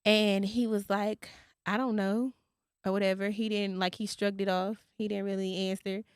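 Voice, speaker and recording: A woman's voice: medium pitch, level tone, normal speed, clear, resonant tone, no echo, studio quality. Candid, profane woman telling stories. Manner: candid, profane, laughs often, emotional storytelling. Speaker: podcast host. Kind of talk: casual podcast chat.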